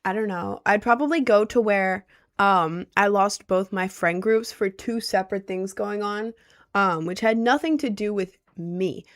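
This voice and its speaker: A woman's voice: medium pitch, unhurried. Young woman streamer, casual chat, rambling and self-mocking.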